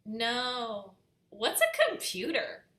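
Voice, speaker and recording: A woman's voice: fairly high pitch, huge pitch swings, drawn-out words, a bit bright, echoey room, full character voice. A young woman playing a sassy, dramatic Cinderella in a stage comedy. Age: young adult.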